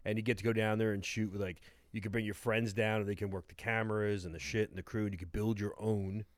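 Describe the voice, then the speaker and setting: A man's voice: lowish voice, flat delivery, fast, no echo. A man in his forties from Tampa, co-hosting a podcast and telling a rambling, profane story in casual chat. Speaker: podcast co-host.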